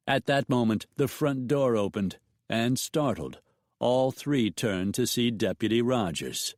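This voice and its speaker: A man narrating a western audiobook in an even storytelling voice, with mild voicing of the characters. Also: mid-range voice, unhurried, dry recording, studio quality.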